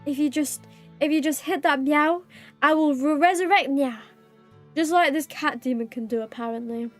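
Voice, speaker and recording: A young British woman streaming live, chatting casually with her viewers and reading their messages, bubbly, giggly and quick to apologize. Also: sits high, soft background music.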